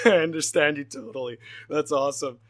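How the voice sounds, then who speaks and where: Male podcast host with a slightly high voice, upbeat and rambling. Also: moderate pace, a bit bright. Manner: rambling, upbeat, many fillers. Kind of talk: casual podcast interview.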